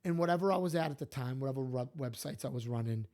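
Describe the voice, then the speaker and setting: A man, co-hosting a podcast, telling stories and opinions in an animated, emphatic way. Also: mid-range voice, quick pace. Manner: animated, emphatic, repeats himself. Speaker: podcast co-host. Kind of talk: casual opinionated storytelling.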